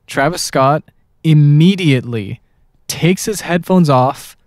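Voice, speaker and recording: A man hosting a casual podcast, telling anecdotes in a lively, animated way. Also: fairly high pitch, slow pace, no room sound, clean studio sound. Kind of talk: casual podcast chat, storytelling.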